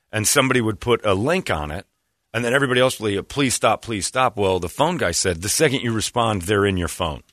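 A man hosting a talk show, telling stories in casual, animated chat. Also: medium pitch, no echo, studio quality. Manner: animated, self-amused storyteller who slips into quoted voices. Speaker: radio show host.

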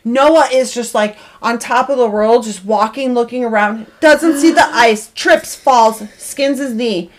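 Animated woman telling a story. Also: unhurried, few pauses, a little hiss or hum. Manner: animated, laughing, voice jumps high when excited. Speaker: podcast co-host. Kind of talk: casual storytelling chat.

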